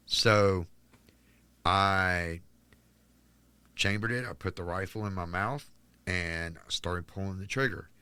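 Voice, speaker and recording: A man from North Carolina telling a candid personal story as a podcast guest, halting with restarts and fillers. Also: low-pitched, sharp tone, smooth, no room sound. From North Carolina, United States.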